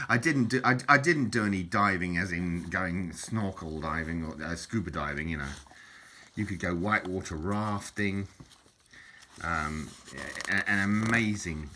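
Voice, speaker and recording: A man's voice: deep voice, bright, forceful tone, slight background noise. An older man rambling through old keepsakes, chuckling often and tagging lines with "innit" and "mate". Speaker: vlogger. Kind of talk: rambling reminiscence over keepsakes.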